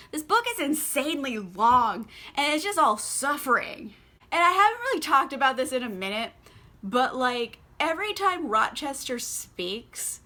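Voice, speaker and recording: Sipping wine, a young woman who vlogs about books talks casually, full of sarcasm and a constant stream of "like." She has a bright, forceful voice pitched slightly high.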